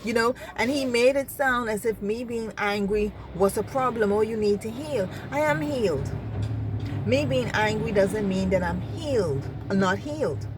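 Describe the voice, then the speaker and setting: A woman's voice: fairly high pitch, moderate pace, over music. A woman from the Bahamas, speaking earnestly about faith and anger, repeating herself and checking in with her listeners. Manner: earnest, repeats herself, asks "you understand?". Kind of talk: impassioned spoken reflection.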